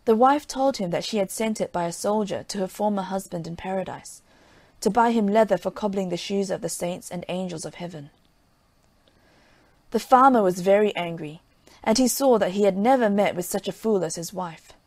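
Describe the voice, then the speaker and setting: A woman narrating a folk tale in a measured, plain reading style. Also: mid-range voice, darkish tone, dry recording. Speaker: storyteller.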